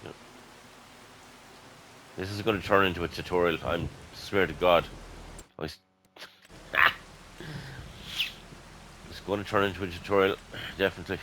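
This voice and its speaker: Excitable Irish man commentating gameplay. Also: low voice, moderate pace, long pauses, slight background noise, rough recording. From Ireland. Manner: excitable, chatty, addresses viewers as lads. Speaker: gaming YouTuber.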